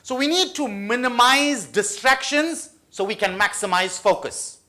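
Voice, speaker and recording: A man giving school students a lively study-skills talk, playful and often asking the audience questions. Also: very high voice, measured pace. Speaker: motivational study-skills speaker.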